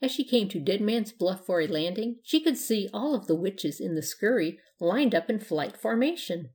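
A woman narrating a children's storybook in a steady, gentle way. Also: medium pitch, moderate pace. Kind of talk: storybook reading.

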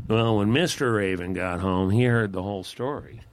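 A man telling an animal folk tale in a relaxed, folksy, unhurried manner. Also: fairly low pitch, a little hiss or hum. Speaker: storyteller.

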